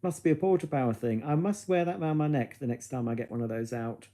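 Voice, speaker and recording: A man's voice: mid-range voice, fast talker, dark tone. A man hosting a casual live stream at home, chatting to viewers in a camp, cheeky, gossipy way full of innuendo. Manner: chatty and gossipy, musing aloud. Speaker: livestream host reading viewer comments. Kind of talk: casual chat to a live audience.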